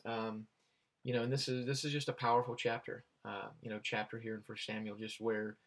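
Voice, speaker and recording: A man's voice: lowish voice, level tone, a little fast, fairly bright tone. A man giving a casual, earnest Bible devotional, talking conversationally with many restarts and putting direct questions to the listener. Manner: conversational, full of "you know" and restarts. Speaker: Bible teacher.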